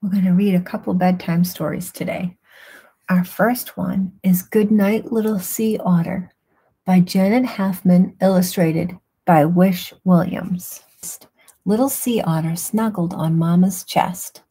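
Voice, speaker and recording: A woman reads a bedtime picture book aloud in a hushed, soothing voice. Her tone is mellow and a little breathy, and she reads slowly and gently. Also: lowish voice, fairly even intonation. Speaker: storyteller. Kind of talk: quiet bedtime story reading.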